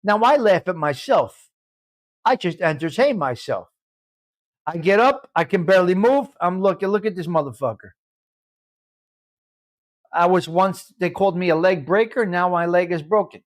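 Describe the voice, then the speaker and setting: A man's voice: high voice, animated, moderate pace, long pauses. An older man hosting a casual live chat, rambling in a brash, profane way. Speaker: livestream host.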